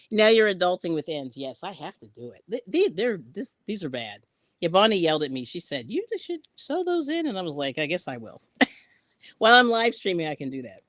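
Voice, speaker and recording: A woman's voice: lowish voice, a bit bright, no echo, clean studio sound. A woman hosting a casual craft live stream, chatting and laughing often as she reads out viewer comments while sewing in yarn ends.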